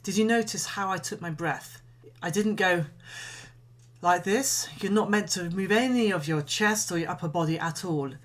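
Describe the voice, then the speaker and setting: A woman singing coach giving a calm, measured voice lesson, explaining and demonstrating breathing exercises. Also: lowish voice. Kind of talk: instructional voice lesson.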